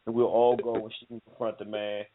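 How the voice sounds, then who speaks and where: A man hosting a call-in radio show, talking to callers in a calm, plain-spoken way. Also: on the low side, fairly quick, phone-quality sound, over a noisy crowd. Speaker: radio host.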